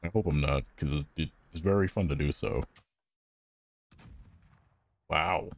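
A young man giving playful gameplay commentary, reacting out loud and giggling as he plays. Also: extremely low pitch, unhurried. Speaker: gaming channel host.

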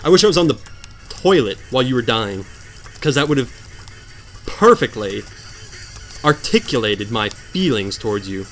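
A man commentating a hard video game, sarcastic and mock-dramatic, swinging from low mutters to sudden outbursts. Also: big pitch swings, moderate pace, long pauses, a bit bright, soft background music. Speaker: gameplay commentator. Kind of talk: let's play commentary.

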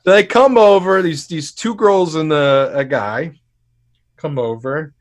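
A man's voice: on the high side, unhurried. A man co-hosting a podcast, telling a story casually, acting out quotes and swearing freely. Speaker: podcast co-host.

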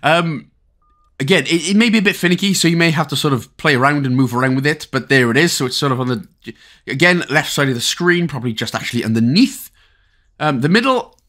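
A man's voice: fairly high pitch, expressive, brisk, a bit bright. A Welsh man giving a chatty, casual game walkthrough, full of rambling asides and jokes. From Wales. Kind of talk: casual gameplay commentary.

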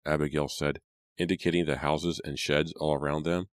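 Male audiobook narrator, extremely deep voice, measured delivery, dry close recording. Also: little pitch movement, no room sound. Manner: measured, storytelling. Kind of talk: scripted narration.

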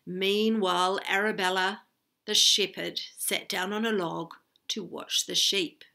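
Slow, bright-voiced woman storyteller. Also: mid-range voice, creaky. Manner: expressive, with chatty asides to listeners. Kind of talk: children's story read-aloud.

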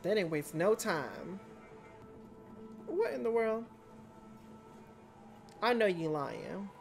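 A woman hosting a video reaction to a TV episode, chatty and excitable, calling viewers honey. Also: mid-range voice, slow pace, creaky, faint music behind.

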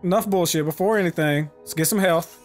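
A man commentating his own gameplay, excitable and profane, often yelling at the game. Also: a little high, brisk, faint music behind. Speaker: let's play host.

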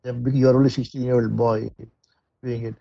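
A man's voice: mid-range voice, level tone, brisk, creaky, dark tone, no room sound. A man with an Indian English accent gives a spiritual discourse, reciting Sanskrit verses and explaining them in English, often restarting his sentences. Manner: frequent restarts and repetitions. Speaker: satsang speaker. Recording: dull lo-fi dry recording.

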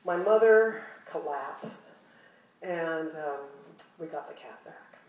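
A woman's voice: low-pitched, takes it slowly, a little mellow. Older woman telling funny stories, roomy. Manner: self-deprecating, humorous, laughs often. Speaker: retreat speaker. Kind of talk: personal storytelling talk. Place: retreat meeting room. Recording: roomy hall, mic far off.

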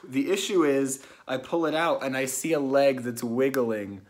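A man's voice: mid-range voice, normal speed, darkish tone. A young man vlogging to camera in a nervous, overdramatic, rambling way. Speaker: YouTuber. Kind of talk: casual vlog to camera.

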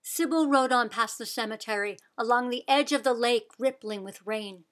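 A woman reading a children's picture book aloud with expressive, deliberate storytelling. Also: a little high. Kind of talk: read-aloud storybook narration.

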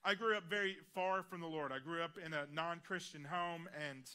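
A man preaching a sermon in a church, earnest and personal, dropping his voice quietly on key lines. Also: on the high side, normal speed, clean tone. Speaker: guest preacher. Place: large church auditorium.

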